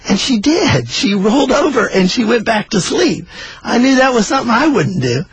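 Older man, storyteller, folksy, animated, husky high voice. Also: moderate pace, no room sound, low-quality recording. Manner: folksy, animated, acts out the dialogue. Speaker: storyteller, author. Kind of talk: oral storytelling.

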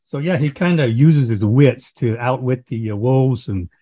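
A man interviewing a guest in a relaxed, curious way. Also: medium pitch, moderate pace, no room sound, muffled recording. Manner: easygoing, curious. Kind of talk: casual interview.

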